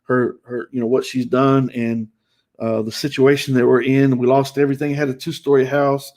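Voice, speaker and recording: A man's voice: medium pitch, flat delivery, moderate pace, a little mellow. A man hosting a live show, telling a painful personal story emotionally, with many restarts and repetitions. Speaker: host.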